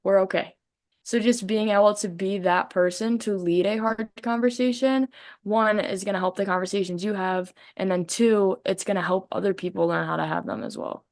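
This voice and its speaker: A young woman co-hosting a casual podcast chat, animated, acting out the voices of people she quotes. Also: medium pitch, moderate pace. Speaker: co-host, softball player.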